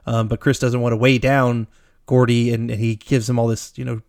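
A man's voice: mid-range voice, little pitch movement, moderate pace, a little mellow. A man co-hosting a podcast, walking through a film scene by scene in a loose, rambling way. He swears casually and laughs often. His voice sits in a middle register and the sound is close and dry, with no room echo. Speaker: podcast co-host. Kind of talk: casual movie recap chat.

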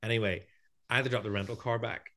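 A man co-hosting a podcast, telling a travel story in quick, rambling, self-mocking bursts. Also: lowish voice, fairly even intonation, fairly bright tone. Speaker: podcast co-host. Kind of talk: casual storytelling chat.

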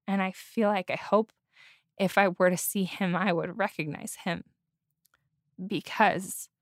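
A woman's voice: mid-range voice, steady tone, measured pace, no room sound. A woman podcast co-host sharing a heartfelt testimony, earnest and close to tears. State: holding back tears. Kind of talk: casual testimony chat.

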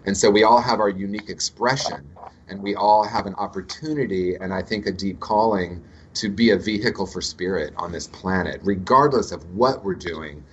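A man's voice: deep voice, moderate pace, lo-fi sound, slight background noise. A man speaking as an interview guest about recovery, telling reflective spiritual stories in a conversational way. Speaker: guest, addiction recovery teacher.

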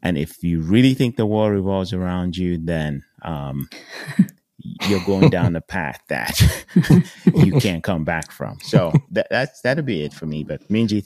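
Very deep-voiced, reflective man. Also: no echo. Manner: reflective, many ums, trailing off softly. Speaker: podcast co-host. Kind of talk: reflective podcast conversation.

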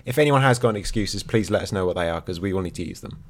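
A man's voice: low voice, expressive, racing. A man co-hosting a podcast in casual chat, with a dry, teasing manner. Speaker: podcast co-host.

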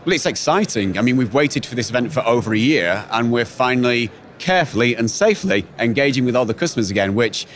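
A man's voice: mid-range voice, lively intonation, fairly bright tone, slight background noise. A man representing a brand, talking eagerly about products at a trade show. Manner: eager, rapid. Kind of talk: casual interview. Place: exhibition hall.

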